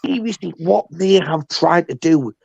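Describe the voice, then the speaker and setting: A man's voice: a little high, animated, measured pace, gravelly, a little mellow, husky, no room sound. Casual sweary guy chatting on a stream, dry lo-fi sound. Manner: rambling, repetitive, heavy swearing. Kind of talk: casual banter on a live stream.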